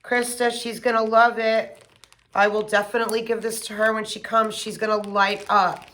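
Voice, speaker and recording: A middle-aged woman chatting casually and gushing with excitement as she unboxes gifts for her vlog. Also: mid-range voice, moderate pace. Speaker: home fragrance vlogger.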